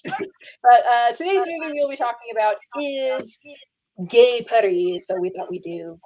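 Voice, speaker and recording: A woman's voice: a little high, lively intonation, unhurried, darkish tone, poor audio. A woman hosting a casual chat about films, chatty and laughing often. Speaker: host.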